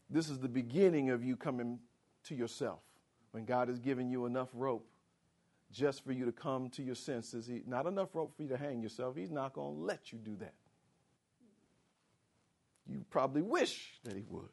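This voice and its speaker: A man preaching a sermon, swinging from loud proclamations to hushed quick asides, asking the congregation questions and acting out inner voices. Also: expressive, gravelly. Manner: swings from booming declarations to hushed, fast asides.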